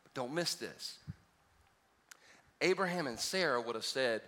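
A man's voice: medium pitch, animated, a little slow, a bit bright, in a large hall. A man preaching a sermon as pastor to a congregation, telling funny stories and building to emphatic exhortation. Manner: humorous storytelling, rising to emphatic exhortation. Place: church auditorium before a congregation.

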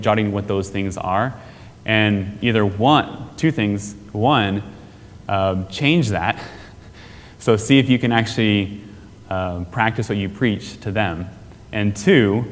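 Man, lowish voice, chatty church teacher, long reverb hall, keeps checking in with "right?". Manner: conversational, asks the audience questions, frequent "right?". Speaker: teacher on family discipleship.

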